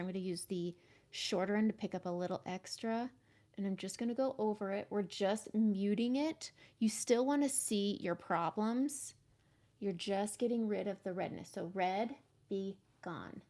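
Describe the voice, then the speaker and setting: A woman's voice: medium pitch, mellow. A middle-aged woman hosting a casual live makeup tutorial, chatting and explaining each step as she goes. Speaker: makeup livestream host.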